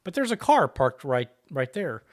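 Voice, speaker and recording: A man's voice: fairly high pitch, sing-song, normal speed. A man co-hosting a casual podcast, telling a long anecdote and acting out the quoted exchanges with other drivers. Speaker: podcast co-host. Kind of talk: casual storytelling chat.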